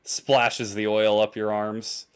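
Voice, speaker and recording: This young man co-hosting a podcast has a lowish, clean voice with a completely flat, slow delivery. The conversation is casual, and he comes across as hesitant, restarting often and laughing easily.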